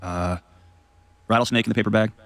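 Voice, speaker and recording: A man's voice: fairly low pitch, steady tone, fairly bright tone, no echo. A man hosting an advice call show, talking in a casual, folksy way and telling stories to make his point. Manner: rapid, folksy, tells stories.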